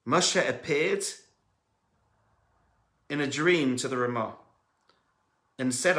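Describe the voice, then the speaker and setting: A man, a rabbi, telling a story as a sermon, animated and acting out the voices of the people in it. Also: mid-range voice, takes it slowly, long pauses, reverberant.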